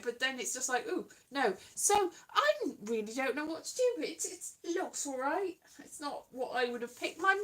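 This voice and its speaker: High, lively woman rambling on a livestream. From Wales. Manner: rambling, self-deprecating, breaks into sung lines. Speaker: livestream host. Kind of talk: casual chat livestream.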